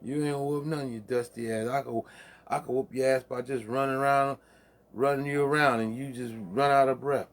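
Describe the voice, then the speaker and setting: A man's voice: mid-range voice, steady tone, a little fast. Loose-talking man riffing late at night. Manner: loose, profane, preachy street talk, laughing at his own jokes. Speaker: livestream host. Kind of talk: casual late-night monologue.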